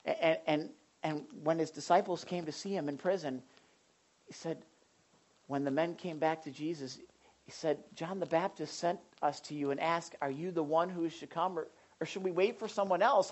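Lady preacher in full sermon mode, lowish voice, gets fired up and loud. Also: moderate pace, rough recording. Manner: impassioned, builds to shouting, frequent restarts.

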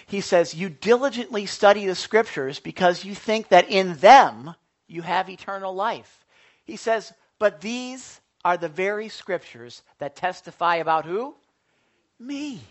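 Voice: medium pitch, measured pace. A pastor preaching a sermon in a church, often asking the congregation questions and answering them. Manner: animated, asks the congregation questions.

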